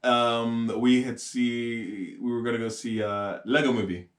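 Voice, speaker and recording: A man's voice: medium pitch, steady tone, measured pace. A man co-hosting a podcast, joking and rambling off on tangents in casual chat. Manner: jokey, rambling, goes off on tangents. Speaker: podcast co-host. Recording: echoey room.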